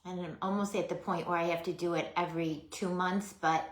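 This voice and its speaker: A woman's voice: fairly low pitch, steady tone, brisk, echoey room. A middle-aged woman hosting a casual craft livestream, chatting to viewers by name and laughing at herself.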